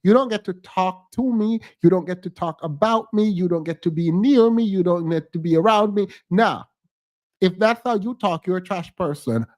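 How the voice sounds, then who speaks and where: A man's voice: high-pitched, moderate pace, darkish tone. A man giving blunt, emphatic reaction commentary on a podcast clip as a streamer.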